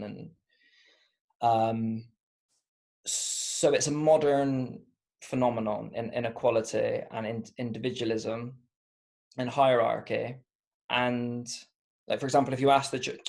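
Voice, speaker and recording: A man's voice: mid-range voice, creaky, darkish tone. A man from Bristol with a Bristolian accent, chatting as a podcast guest in a mid-range voice. He muses aloud in a loose, rambling way, stopping and restarting often and leaning on "um" and "like" while he works out his point. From Bristol, England. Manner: thoughtful, rambling, halting with many fillers and restarts. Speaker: podcast guest, comedian and author. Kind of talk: casual interview chat.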